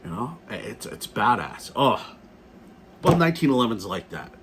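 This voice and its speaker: A man's voice: medium pitch, sing-song, normal speed, fairly bright tone, a little hiss or hum. A middle-aged man ranting casually in a video blog, blunt and profane, repeating himself as he talks. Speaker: gun vlogger.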